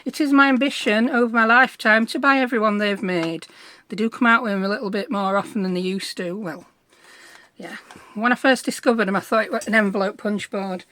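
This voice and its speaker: A woman's voice: mid-range voice, fairly even intonation, a little fast, bright, forceful tone. A middle-aged woman, chatting through a crafting tutorial in a bubbly, self-deprecating way. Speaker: craft vlogger.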